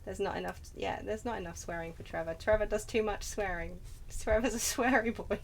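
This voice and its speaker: A woman's voice: mid-range voice, fairly quick, gravelly, slight background noise. A woman streaming a game, chatting casually, bantering and poking fun at herself. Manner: chatty, self-mocking, bantering. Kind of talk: casual gameplay commentary.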